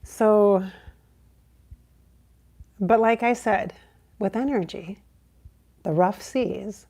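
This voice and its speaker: A middle-aged woman talking in a casual, emphatic way to her viewers as a psychic channel host, swearing and jumping to high exclaims. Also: drawn-out words, vocal fry, warm tone. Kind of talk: casual spiritual vlog talk.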